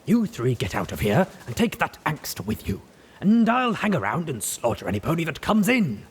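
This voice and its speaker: A man's voice: a little high, big pitch swings, moderate pace, slight background noise, voice pushed up. A man voicing a reckless, bloodthirsty striped mare who talks in a mocking, flippant way. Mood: gleeful.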